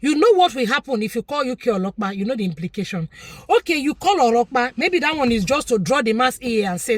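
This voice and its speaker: A woman's voice: a little high, big pitch swings, fast talker, no room sound. A Nigerian woman vlogger giving an opinionated, preachy commentary, repeating her points for emphasis.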